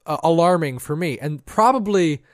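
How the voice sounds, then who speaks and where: Guy cohosting a podcast, rambly storyteller, fairly high voice, dry close mic. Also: expressive, normal speed, dry recording. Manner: rambling storyteller with frequent restarts. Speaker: podcast co-host. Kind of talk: casual chat. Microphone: headphones, podcast mic.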